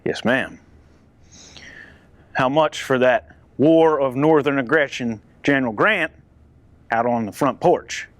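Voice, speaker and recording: A man's voice: mid-range voice, slow, long pauses, fairly bright tone, no room sound. Polite drifter type played by a man, dry close mic. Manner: polite, deferential. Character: polite wandering male stranger.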